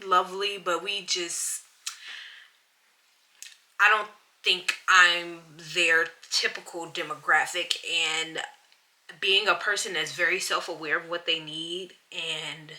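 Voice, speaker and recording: Young woman podcast host, very bright tone, lively storyteller who mimics others. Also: fairly low pitch. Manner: animated, acts out other people's lines. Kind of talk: casual storytelling chat.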